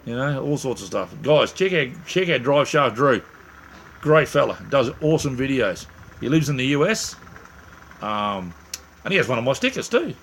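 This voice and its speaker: A man's voice: mid-range voice, sing-song, moderate pace, gravelly, a bit bright, a little hiss or hum. A middle-aged Australian man hosting a casual live stream, rambling and joking as he chats with viewers. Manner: rambling, chatty, jokey, with many restarts. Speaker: livestream host. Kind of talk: casual live chat reading viewer comments.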